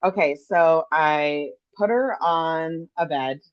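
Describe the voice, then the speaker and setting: A woman co-host calmly recounting a healing session in a matter-of-fact way. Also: sits low, slow. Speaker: podcast co-host, shamanic practitioner. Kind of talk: casual storytelling chat. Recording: dull lo-fi sound.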